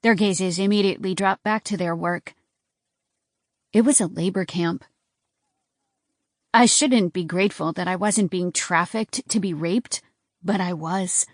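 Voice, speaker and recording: A woman's voice: on the low side, a little slow, pauses often, no echo, studio quality. A woman giving a tense, dramatic first-person audiobook narration.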